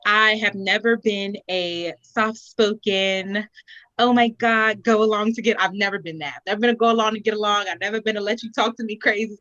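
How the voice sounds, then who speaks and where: A young woman with a bright, forceful voice talks casually and tells her stories with lively expression. The sound is dry and a little dull, like a close but lo-fi recording. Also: medium pitch, fairly quick, few pauses, dry recording. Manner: animated, expressive storytelling. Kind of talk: casual chat.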